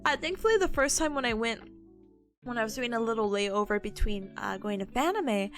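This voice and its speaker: Bubbly high-voiced woman streamer. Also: lively intonation, fairly quick, a bit bright, soft background music. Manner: giggly, bubbly storytelling, frequent laughter. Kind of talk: casual chat stream.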